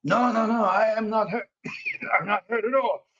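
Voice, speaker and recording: A man's voice: sits high, a little slow, fairly bright tone, dull audio, voice pushed up. A man voicing a rescued captive with a French Canadian accent, pleading, then muttering in whispers.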